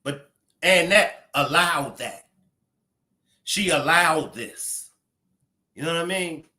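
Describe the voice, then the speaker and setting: Male commentary host, scolding and profane, slow deliberate pace, very animated. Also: fairly high pitch. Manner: blunt and profane, scolding outbursts. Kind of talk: heated commentary.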